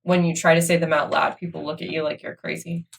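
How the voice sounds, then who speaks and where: A woman's voice: sits low, flat delivery, fast, creaky, a little hiss or hum, low-quality recording. A woman co-hosting a podcast in casual chat, telling stories, acting out quotes and giggling. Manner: storytelling, acts out quotes, giggly. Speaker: podcast co-host.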